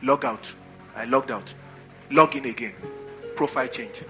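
Bright-voiced preacher with faint music. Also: male voice, mid-range voice, a little slow. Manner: call-and-response preaching, repeats phrases for emphasis. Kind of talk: sermon.

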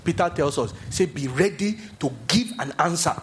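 A man's voice: normal speed, a little hiss or hum. A man preaching a sermon, telling stories animatedly and acting out the voices of the people he quotes. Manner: animated storytelling, acts out quoted voices in a high pitch.

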